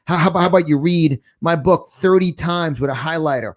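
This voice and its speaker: A podcast host with a New York accent, talking in a rambling, fired-up way from a large studio. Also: male voice, fairly high pitch, fairly quick. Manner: rambling, fired up, repeats words. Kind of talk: animated talk-show chat.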